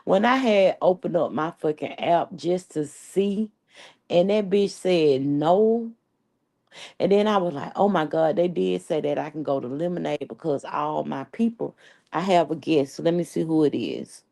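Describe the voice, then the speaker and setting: A woman's voice: low voice, measured pace, gravelly, mellow. A woman from New York with a New York accent, hosting a casual live chat in a brash, chatty and profane way. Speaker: live stream host.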